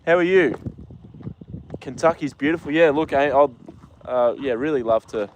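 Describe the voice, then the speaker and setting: A man, stuffy from a cold, hosts a relaxed live stream outdoors at a horse paddock, reading comments and talking to his horse. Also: fairly high pitch, normal speed, lo-fi sound, a little hiss or hum. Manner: relaxed, chatty, talks to the horse between comments. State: congested from a cold.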